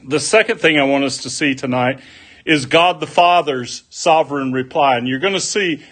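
A man preaching a sermon, deliberate and folksy, mixing scripture with homespun stories. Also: a little high, fairly bright tone.

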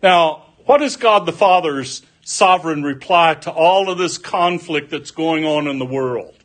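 A man preaching a sermon, deliberate and folksy, mixing scripture with homespun stories. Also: on the high side, fairly bright tone.

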